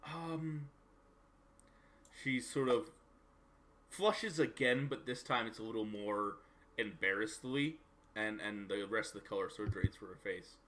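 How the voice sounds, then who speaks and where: Male game master, bright voice, loose chatty narration, tabletop game stream. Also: on the low side, a little slow, long pauses, slight background noise. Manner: loose, conversational, lots of "sort of" and "like".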